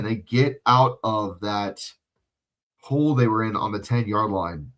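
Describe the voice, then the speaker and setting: A man's voice: on the low side, unhurried, fairly bright tone. A young man streaming a live watch-along, calling plays from home with emotional, profane outbursts and chatting with viewers. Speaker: livestream watch-along host. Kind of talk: excited live play-by-play commentary with chat. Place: home room.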